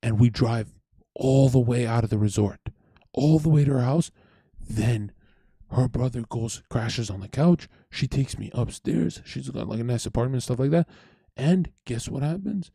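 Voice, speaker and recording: A young man from Canada telling a story in casual chat, animated and profane, acting out what others said. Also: medium pitch, normal speed, vocal fry, breathy edge, no room sound. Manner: animated, profane, acts out quoted voices. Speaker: streamer host.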